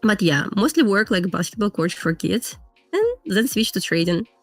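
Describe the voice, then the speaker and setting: A woman from Belarus speaks with a clear Russian accent, telling her trading story in plain, earnest English. Her mid-range voice comes over a video call in a dry, dead-sounding space. Faint music runs underneath. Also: medium pitch, very animated, moderate pace, dry recording. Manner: earnest, plain-spoken non-native English with frequent laughs. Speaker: guest trader. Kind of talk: casual interview chat.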